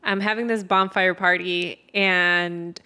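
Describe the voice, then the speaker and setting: A woman's voice: on the low side, fairly even intonation, slow, pushed and bright, smooth. A young woman co-hosting a podcast, telling a long story in a loose, rambling way, peppered with fillers and casual swearing. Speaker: podcast co-host. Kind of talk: casual chat.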